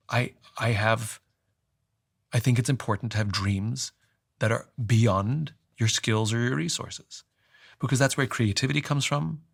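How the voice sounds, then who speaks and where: A man talking through a story in a conversation, reflective, restarting often and letting his sentences trail off low. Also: creaky, no room sound, clean studio sound.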